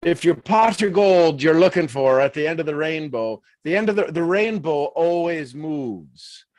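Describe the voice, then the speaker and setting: A man from the United States, hosting a motivational livestream and speaking in an animated, emphatic way with frequent chuckles. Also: a little high, a little slow, no room sound. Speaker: host.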